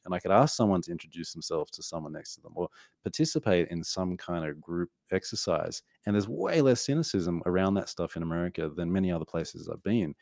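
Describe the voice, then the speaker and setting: An Australian man in his forties, an author guest on a podcast, talking in an animated, playful way. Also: sits low, dry recording, clean studio sound. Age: 40s. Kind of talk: podcast conversation.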